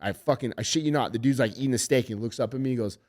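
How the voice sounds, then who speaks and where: Talking very fast in a medium-pitched voice, a middle-aged man who works as an MMA head coach spins stories during a casual podcast interview. The tone is animated, and the language is heavily profane.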